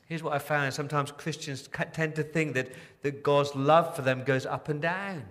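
Preaching man, hushed to emphatic. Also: on the high side, steady tone, moderate pace. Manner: swings from hushed tender lines to loud emphatic repetition. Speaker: pastor. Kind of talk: sermon. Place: church.

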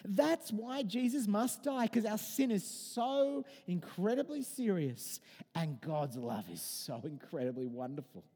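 A man in his thirties preaching a sermon in a conversational, animated way, mixing in personal stories. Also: sits high, unhurried, in a large hall. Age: 30s.

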